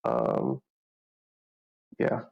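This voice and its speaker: A man's voice: very slow, highs cut off. A man in a casual book club discussion, thoughtfully and tentatively sharing his theories.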